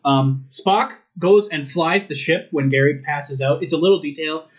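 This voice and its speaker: A young man in his twenties with a fairly high voice, ranting and laughing his way through a casual podcast chat. His delivery is animated and indignant, full of quick asides. The recording is slightly muffled and lo-fi. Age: 20s. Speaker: podcast co-host. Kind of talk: casual chat reviewing a TV episode.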